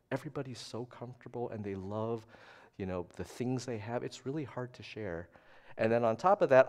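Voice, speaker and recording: A middle-aged man giving a storytelling sermon at a church service, chatty and self-deprecating, shifting between hushed asides and loud animated bursts. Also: medium pitch. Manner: conversational, self-deprecating, often asks "right?". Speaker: guest preacher.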